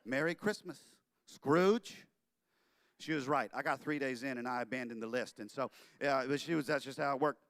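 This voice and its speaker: A man giving a humorous sermon talk in a chapel, animated and full of quick jokes and asides. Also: medium pitch, dry recording, clean studio sound. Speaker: chapel speaker.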